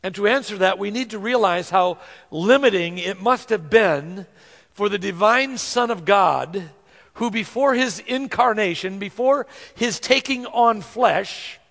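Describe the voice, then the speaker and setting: A man preaching a sermon, earnest, slowing down to stress scripture verses. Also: high voice, creaky, fairly bright tone. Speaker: pastor. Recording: long hall reverb.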